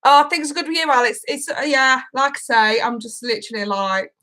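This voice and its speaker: A woman's voice: high-pitched, brisk, bright, forceful tone, poor audio. A woman, a tarot reader hosting a live stream in a casual chat, greeting viewers by name, swearing freely and emotional, laughing through it. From United Kingdom.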